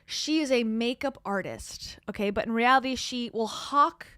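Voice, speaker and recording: A woman's voice: a little high, normal speed, pushed and bright, clean tone, dry recording, studio quality. A woman hosting a gossip commentary show, talking in a sarcastic, scoffing way. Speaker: commentary host.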